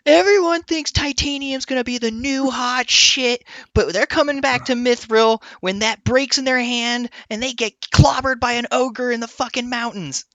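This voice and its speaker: A man voicing a hot-tempered male dwarf blacksmith who rants and shouts. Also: very high-pitched, normal speed, hardly any pauses, no room sound, voice pushed up. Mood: furious. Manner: ranting, furious shouting.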